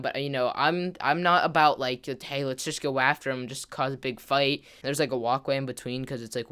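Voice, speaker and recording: A man's voice: medium pitch, fairly bright tone, clean tone. A man, a gaming vlogger, telling a story to camera in a rambling way, full of "like" fillers and restarts.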